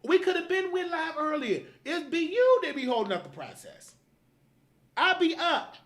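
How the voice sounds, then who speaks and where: A man's voice: very high-pitched, very animated, normal speed, fairly bright tone. A man hosting a live show, angrily scolding his producer in a profane, repetitive rant. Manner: repetitive, emphatic commands. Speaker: show host.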